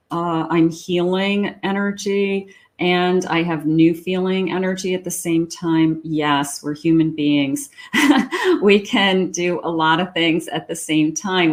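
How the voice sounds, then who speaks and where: A woman reading tarot cards aloud in a chatty, reassuring way, thinking out loud as she goes. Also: lowish voice. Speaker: psychic tarot reader.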